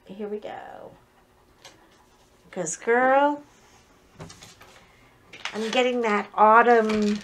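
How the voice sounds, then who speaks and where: Slow-talking chatty woman unboxing crafts. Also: a little high, a little hiss or hum. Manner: chatty, joking, digressive with frequent restarts. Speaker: craft vlogger. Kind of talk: casual unboxing chat.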